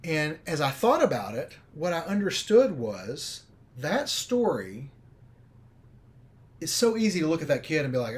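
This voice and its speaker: A man, a film director, talking casually on a livestream and telling a story in a rambling, animated way with many fillers. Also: mid-range voice, a little fast.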